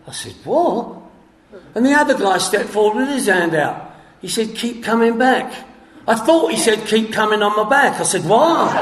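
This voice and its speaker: A man telling his story at a recovery meeting, acting out the dialogue with coarse humor and sudden shouts. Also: sits high, slight background noise. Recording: echoey hall with long reverb.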